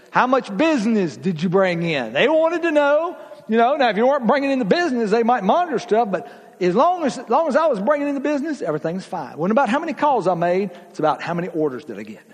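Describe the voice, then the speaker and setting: A man preaching in a folksy, emphatic way, his high husky voice leaping up and dropping low as he drives each point home. The sound rings with the long reverb of a church hall. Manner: folksy, emphatic preaching with big swings in pitch and loudness. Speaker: pastor. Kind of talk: sermon.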